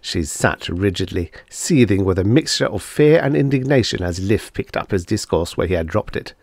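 Expressive male audiobook narrator. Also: low-pitched, normal speed, creaky, no echo, studio quality. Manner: expressive storytelling reading. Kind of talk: scripted narration.

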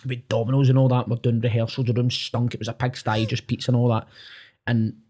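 This podcast guest and singer is a Glaswegian man in his twenties from Scotland whose mellow, medium-pitched voice moves fast and stays level. Chatting casually, he spins stories, curses freely, performs other people's lines, and repeatedly checks "do you know what I mean".

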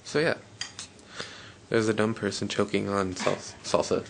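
A man's voice: lowish voice, fairly even intonation, a little slow, gravelly. A teenage guy filming his friends, teasing them with joking, mocking banter. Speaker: video maker filming friends. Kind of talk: casual teasing chat. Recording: noisy home video.

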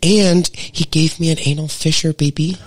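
A man's voice: fairly high pitch, steady tone, moderate pace, slight background noise, poor audio. A man who performs in drag, guesting on a podcast, campy and dramatic, calling everyone honey and baby. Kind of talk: casual chat.

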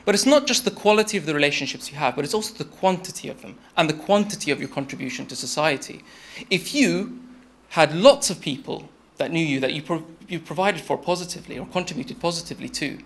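High-voiced young man giving a talk. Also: expressive, fast. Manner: conversational storytelling, addressing the audience as "you". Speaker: speaker. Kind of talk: TED-style talk.

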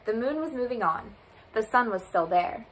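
A woman volunteer reading a children's picture book aloud in an expressive, storytelling manner. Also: a little high, normal speed, a little hiss or hum, rough recording. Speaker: volunteer reader.

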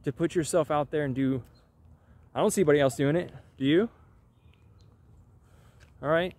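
A man's voice: on the high side, normal speed, a little mellow. A man hosting his own channel in a casual, rambling vlog chat with wry, offhand asides. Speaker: channel host.

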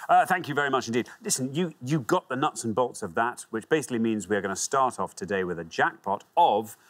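A man's voice: medium pitch, expressive, fast. A man with a British accent hosting a TV quiz show, with playful, theatrical introductions. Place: TV studio with audience.

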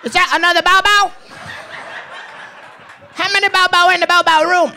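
A man's voice: very high-pitched, fairly even intonation, normal speed, bright, forceful tone, a little hiss or hum, voice pushed up, exaggerated voice. A man putting on a giddy, squealing card dealer. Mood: excited. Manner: broken English, giddy, squealing with glee. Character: excitable chatty male casino card dealer.

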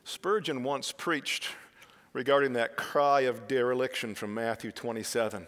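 Guy preaching a fired-up sermon, goes quiet then loud, echoey church hall. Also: mid-range voice, unhurried. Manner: impassioned, swings from hushed to loud. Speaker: pastor. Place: church sanctuary. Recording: reverberant hall.

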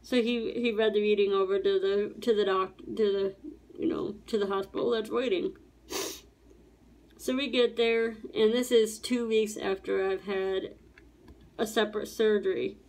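Woman, casual vlog storytelling, rambling, mid-range pitch. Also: fairly even intonation, measured pace, darkish tone. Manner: rambling, repeats words and restarts, acts out quotes. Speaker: YouTuber telling a personal story.

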